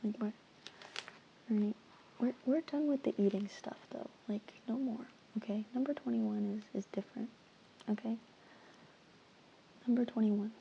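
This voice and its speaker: Casual whispered role-play from a teasing woman, low fry, kinda muffled recording. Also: steady tone, moderate pace, long pauses, slight background noise. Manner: playful, teasing, mock-stern. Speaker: ASMR creator.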